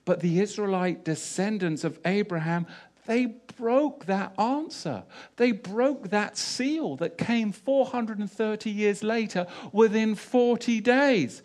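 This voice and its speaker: A man's voice: sits high, animated, takes it slowly, a little mellow. A man giving an emphatic sermon who often repeats key phrases and asks rhetorical questions. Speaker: Bible teacher.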